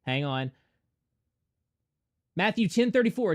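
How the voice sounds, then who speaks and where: A man streaming a game, talking casually and emphatically, preaching in a lively, animated way and slipping into mocking voices. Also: on the high side, moderate pace.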